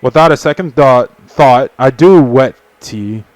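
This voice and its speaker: A man's voice: mid-range voice, unhurried, no echo. Young man, streamer, visual novel reading, casual, swearing, dry sound. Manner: casual, swearing, laughing asides.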